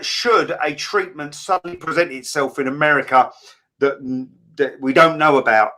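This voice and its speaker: Man, middle-aged, bright tone, candid, plain-spoken, filler-heavy, interview guest. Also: mid-range voice. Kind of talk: casual interview chat.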